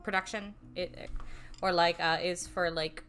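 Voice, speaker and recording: Young woman streamer, bright sharp voice, faint guitar underneath, loose rambling chat with cursing. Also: lowish voice, steady tone, measured pace. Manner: rambling, self-deprecating, casual swearing, laughs often. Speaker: streamer and voice actor. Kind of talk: casual livestream chat.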